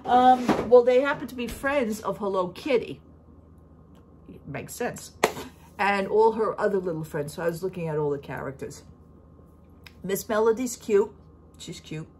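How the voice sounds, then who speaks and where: A woman's voice: lowish voice, slight background noise. A middle-aged woman vlogging in a casual, chatty way, opinionated and full of fillers and restarts. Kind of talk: casual chat.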